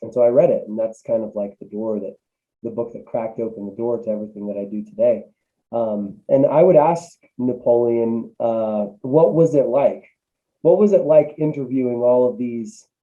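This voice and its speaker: A man's voice: medium pitch, narrow, tinny audio. A man, a business coach guest, talking casually with many fillers and restarts over a remote call. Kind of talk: casual interview answers.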